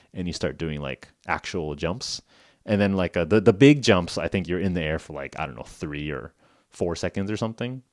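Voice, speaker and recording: A man's voice: low-pitched, dry recording, studio quality. A man hosting a podcast for English learners, telling a story casually in simple words, with lots of "like" and frequent chuckles. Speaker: podcast host.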